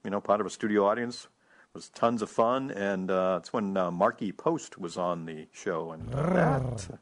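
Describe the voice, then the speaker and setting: A man leaving a friendly voicemail for a podcast, unhurried and full of small hesitations. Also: fairly low pitch, lively intonation. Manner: easygoing, hesitant with many fillers.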